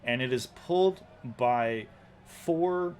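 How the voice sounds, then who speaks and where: A man narrating a tabletop game as game master, halting often with ums and restarts. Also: mid-range voice, lively intonation, slight background noise.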